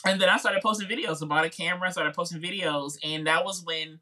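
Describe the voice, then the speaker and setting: A man with a Midwestern American twang, a music YouTuber appearing as a podcast guest, tells his story in a casual interview full of "like" and "you know." His voice sits a little high and stays steady in tone, and he talks fast with a sharp edge. He's chatty and informal and acts out the voices of people he quotes.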